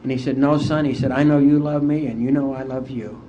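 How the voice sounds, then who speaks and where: A middle-aged man from West Virginia, speaking as an AA speaker and telling his recovery story to a conference in a heartfelt, unhurried way. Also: medium pitch, fairly even intonation, warm tone, a little hiss or hum. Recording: dull lo-fi conference tape.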